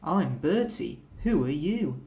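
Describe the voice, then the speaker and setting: A man voicing a teasing, boastful male bus in a storybook reading, slow and mocking. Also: a little high, sing-song, darkish tone, highs cut off, exaggerated voice.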